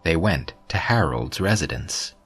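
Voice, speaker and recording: A man narrating an audiobook story in a steady, even storytelling manner. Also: deep voice, unhurried, breathy edge. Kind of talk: scripted narration. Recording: soft background music.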